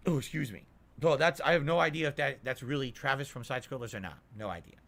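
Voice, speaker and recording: A man's voice: medium pitch, quick pace, creaky, a bit bright. A male streamer complaining at length in an indignant, ranting monologue.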